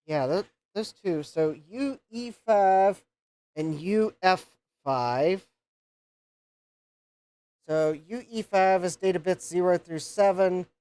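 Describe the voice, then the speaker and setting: Slow, mellow-voiced man checking circuits. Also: high voice, smooth, dry recording. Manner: unhurried, muttering checks and counting pins aloud. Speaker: host of a retro computer repair livestream. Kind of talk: thinking aloud while probing a circuit board.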